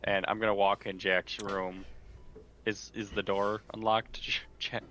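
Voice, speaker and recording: A man's voice: on the low side, little pitch movement, unhurried, a bit bright, slight background noise. A man playing a tabletop game, eager and stumbling over his words, laughing often. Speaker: player. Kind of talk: casual chat in a tabletop game.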